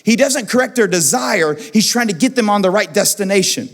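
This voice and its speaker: Man, pastor, lively high-pitched sermon voice, repeats lines for emphasis, long hall reverb. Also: fairly quick. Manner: animated, repeats phrases for emphasis. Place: church auditorium.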